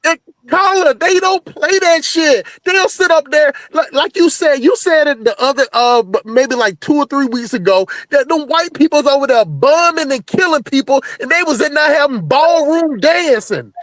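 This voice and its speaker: A man co-hosting a podcast, chiming in with animated, slangy casual talk. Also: very high-pitched, moderate pace, few pauses, no room sound. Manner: animated, street-talking, agreeing. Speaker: podcast co-host. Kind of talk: casual discussion.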